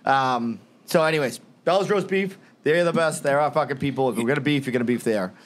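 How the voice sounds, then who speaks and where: A man's voice: medium pitch, a little fast. A man, a podcast co-host from the Boston area, casually reading sponsor plugs and swearing bluntly. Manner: blunt, profane, laid-back.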